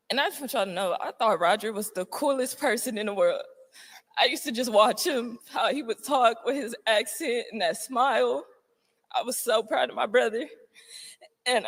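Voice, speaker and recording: A woman giving a heartfelt eulogy at a memorial, emotional and holding back tears, with plenty of fillers. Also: on the high side. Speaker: family member giving a eulogy. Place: memorial gathering before a crowded room. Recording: long reverb in a large room.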